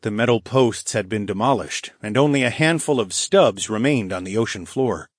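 A man reading a fantasy audiobook in first person, evenly and clearly. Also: fairly low pitch, animated, moderate pace, no room sound, studio quality. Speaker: audiobook narrator. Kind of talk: scripted first-person narration.

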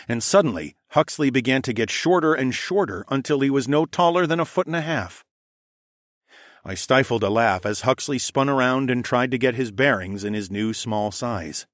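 Expressive male audiobook narrator. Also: medium pitch, moderate pace, no echo, clean studio sound. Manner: expressive, plain storytelling. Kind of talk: first-person fantasy audiobook narration.

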